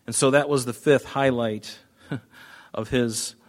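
A pastor giving a casual, conversational Bible teaching with joking asides and frequent restarts. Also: male voice, mid-range voice, fairly even intonation, slow.

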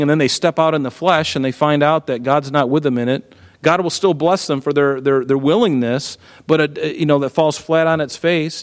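A middle-aged man preaching a sermon in a conversational, animated way, full of rhetorical questions. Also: a little high, in a large hall. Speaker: pastor.

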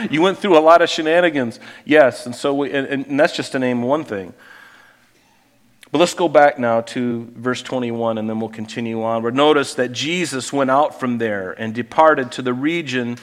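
A man's voice: mid-range voice, moderate pace, in a large hall. A man preaching a sermon as pastor, earnest and conversational, often repeating words as he searches for the next one.

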